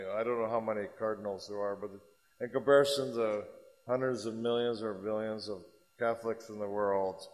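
A man lectures a religious class with animated, rambling storytelling. His voice sits at a mid pitch. A long hall reverb trails after it. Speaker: religious teacher.

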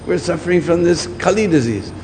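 Here a preacher with a fairly high, slightly mellow voice speaks a little fast, with lively intonation. He teaches from scripture, repeating key points and regularly seeking a response with "hmm?". The recording has a long hall reverb and faint background noise.

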